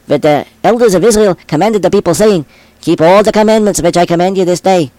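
A man with a rather high voice reads scripture in a steady, solemn cadence. He pauses at each short phrase. The recording is close and dry, with no room sound. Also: no room sound, low-quality recording. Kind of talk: scripture reading.

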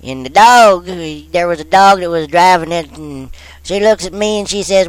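Country man with a folksy drawl, rustic grammar and a clear, higher voice, in a dry recording. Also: normal speed, dry recording, low-quality recording. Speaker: on-scene witness. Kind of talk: comic rural storytelling.

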